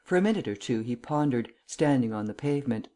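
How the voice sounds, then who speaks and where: Mellow-voiced male audiobook narrator. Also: mid-range voice, lively intonation. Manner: measured, unhurried storytelling. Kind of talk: scripted narration.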